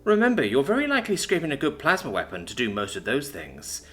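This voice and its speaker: A man's voice: mid-range voice, huge pitch swings, fast talker, fairly bright tone, pitched above the performer's own voice. A man voicing a seasoned female soldier, matter-of-fact and wry, sometimes stern. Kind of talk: audiobook character voice.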